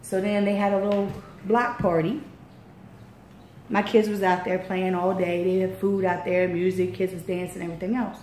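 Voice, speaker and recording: A woman with a Baltimore accent telling a story in casual chat as a radio interviewer, acting out quotes with big jumps in pitch. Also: little pitch movement, normal speed, darkish tone. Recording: echoey room, faint noise.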